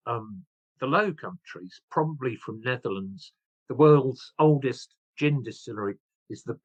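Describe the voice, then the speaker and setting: An author appearing as a guest tells history stories with enthusiasm, often restarting and wandering onto side paths. His voice sits in the mid-range, and the low-quality recording carries no room sound.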